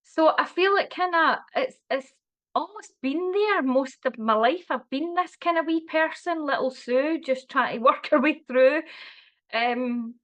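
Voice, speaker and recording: Earnest woman in her forties, fairly high voice, lots of ums and restarts, casual chat. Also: measured pace. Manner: warm, earnest, with many fillers and restarts. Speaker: wellbeing guest. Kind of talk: casual conversation.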